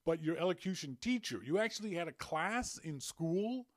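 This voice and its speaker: A man's voice: sits high, animated, normal speed, no room sound. Chatty North American man, dry mic. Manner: chatty, stammering restarts, playful. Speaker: podcast host. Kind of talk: casual chat.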